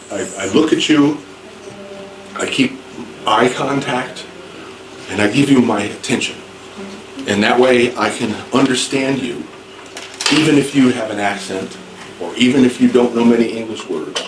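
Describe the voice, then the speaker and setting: A man teaching English slowly in an echoey classroom. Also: medium pitch. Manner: slow, clear, repeats and rephrases for learners. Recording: echoey room, distant mic, background noise.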